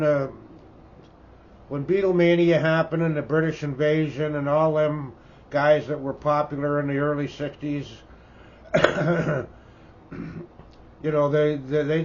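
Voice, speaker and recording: A man's voice: a little high, darkish tone. A man in his seventies with a Canadian accent, chatting casually as a record collector in a folksy, rambling way and tagging remarks with "eh?". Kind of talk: casual show-and-tell chat. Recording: dull lo-fi sound with faint background noise.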